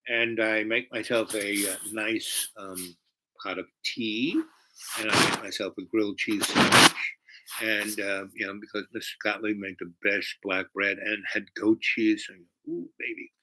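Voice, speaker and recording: A man telling a personal story in a casual, rambling way, animated and full of fillers. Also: on the low side, measured pace, slight background noise, low-quality recording.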